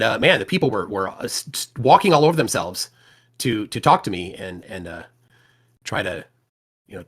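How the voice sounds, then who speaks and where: A man hosting a livestream, talking in a casual, halting way with many restarts and fillers. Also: mid-range voice, a bit bright. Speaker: livestream host.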